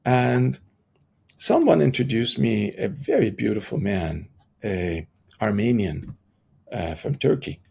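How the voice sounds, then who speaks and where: A middle-aged man with a deeply gravelly, husky voice tells a personal story as a podcast guest. He talks haltingly, often restarting his sentences, and slips into the voices of the people he quotes. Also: big pitch swings, darkish tone. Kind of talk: conversational storytelling in an interview.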